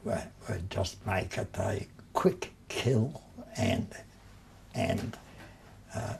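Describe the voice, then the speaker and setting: An older man, telling his memories in an interview in a slow, measured way with long pauses. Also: lowish voice, lively intonation, vocal fry, a little mellow, a little hiss or hum. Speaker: war veteran interviewee. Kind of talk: reminiscing in an interview.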